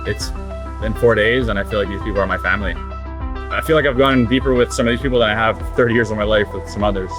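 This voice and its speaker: A man's voice: fairly low pitch, fast talker, over music. A man at a retreat, speaking eagerly and openly in a casual testimonial. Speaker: retreat participant.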